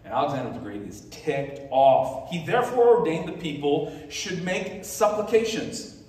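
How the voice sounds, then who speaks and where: A male pastor with a fairly high voice tells a story in a lively, animated way, adding many asides for his congregation. His voice booms around a large, reverberant sanctuary and is picked up from a distance, with faint room ambience underneath. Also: moderate pace. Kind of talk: sermon. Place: church sanctuary. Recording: echoey hall from far off.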